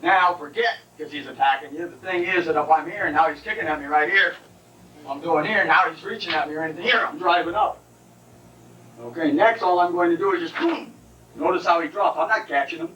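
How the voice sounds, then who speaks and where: A man's voice: a little high, fairly quick, sharp tone. A male karate instructor at a seminar, demonstrating techniques and often checking that his students follow. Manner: explanatory, keeps checking in with listeners. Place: training hall at a seminar. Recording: distant, roomy, noisy 1989 seminar recording.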